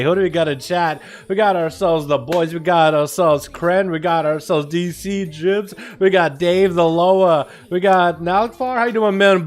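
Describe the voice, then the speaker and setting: A young man hosting a casual gaming livestream, rowdy and profane as he greets his chat. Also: sits high. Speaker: livestream host.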